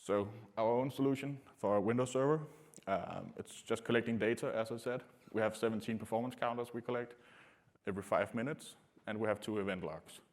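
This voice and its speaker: A man giving a technical conference talk to a room, speaking in a halting way with many filler sounds. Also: lowish voice. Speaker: conference presenter.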